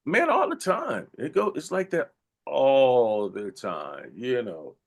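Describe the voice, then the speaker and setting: Animated man telling stories. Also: mid-range voice, slow pace, vocal fry. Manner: animated, laughing anecdotes with voiced quotes. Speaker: actor, interview guest. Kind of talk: casual storytelling.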